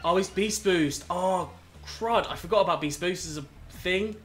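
A gaming video host commentates his own competitive battle, thinking aloud and growing exasperated and self-critical over his mistakes. His high, slightly bright voice moves at a moderate pace over soft background music.

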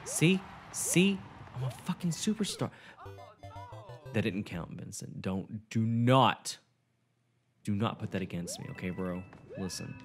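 A man's voice: on the low side, lively intonation, a little slow, faint music behind. A young man commentating his own gameplay, swearing, boasting and getting frustrated as he talks to a friend. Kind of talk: swearing let's-play commentary.

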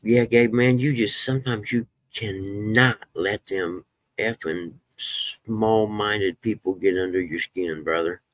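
Brief: low-voiced man, relaxed folksy live-stream chatter, dry close sound. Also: takes it slowly, dry recording. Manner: folksy, swears when fired up. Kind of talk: casual live-stream chat.

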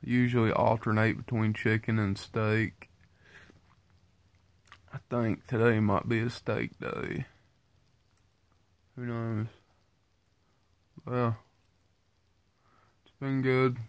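A vlogger offers a weight-loss update to his viewers, speaking slowly with long pauses, a creaky voice, and little pitch movement, with no room sound. He's tired from just waking up, his voice stuffy from sinus trouble, and his casual talk is low-key and rambling.

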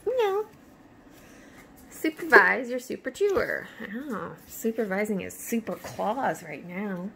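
A young woman unboxing dog toys at home, laughing and scolding her excited dog as she reads the labels aloud. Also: mid-range voice, slow, creaky, background noise. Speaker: vlogger unboxing a dog toy box. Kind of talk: casual unboxing chat.

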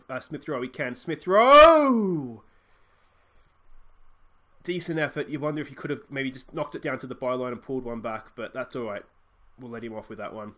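Chatty Australian man commentating his game. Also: mid-range voice. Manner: chatty, thinks aloud, bursts into excited shouts at goals. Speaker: let's play host. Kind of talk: casual gameplay commentary.

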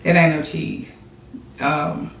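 A woman's voice: low voice, lively intonation, takes it slowly, creaky. A woman, chatting casually to her viewers while setting up an eating challenge. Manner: chatty, addresses viewers as y'all. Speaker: mukbang vlogger. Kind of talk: casual chat to camera. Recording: echoey room.

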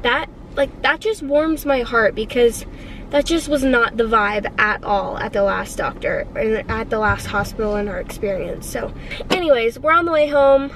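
A pregnant woman in her twenties talks straight to the camera for her family vlog. Her voice sits a little high, and she gushes emotionally while rambling through plenty of fillers. A faint background noise runs underneath. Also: moderate pace, a bit bright, rough recording. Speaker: family vlogger. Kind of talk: casual vlog chat.

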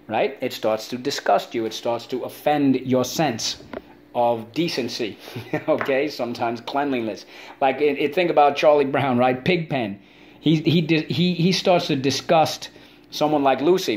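Animated male teacher leading spelling drills. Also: measured pace. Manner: drills words with call-and-repeat chants; animated, swings up high for playful asides. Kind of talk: online spelling lesson for kids.

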